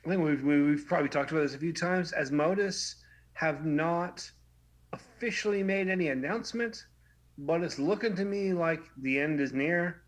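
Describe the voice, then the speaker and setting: A man co-hosting a casual podcast, giving news in a relaxed, matter-of-fact way. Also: a little high, moderate pace. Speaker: podcast co-host.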